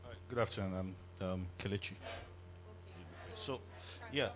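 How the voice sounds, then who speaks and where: A man's voice: low-pitched, a little slow. A man speaking from the audience, hesitant and full of fillers. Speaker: audience member. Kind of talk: spontaneous remarks. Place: event hall.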